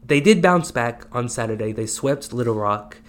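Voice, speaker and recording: A young man co-hosting a casual sports podcast, chatting in a relaxed, conversational way. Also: medium pitch, moderate pace. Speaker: podcast co-host.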